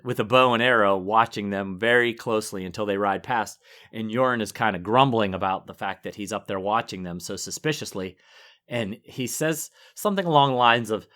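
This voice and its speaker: A man's voice: lowish voice, pushed and bright. A man co-hosting a book podcast, from the northern United States, chatting casually and laughing often. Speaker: podcast co-host.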